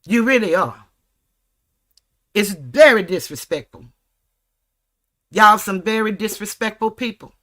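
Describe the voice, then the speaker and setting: Woman, livestream host, ranting, profane, bright voice. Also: medium pitch, lively intonation, a little slow, pauses often. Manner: angry, profane, confrontational.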